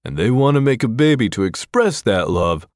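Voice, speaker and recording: A man's voice: medium pitch, big pitch swings, moderate pace, no echo, clean studio sound, pitched above the performer's own voice, natural voice. An audiobook narrator, a man, voicing a lazy, teasing young woman who giggles as she talks.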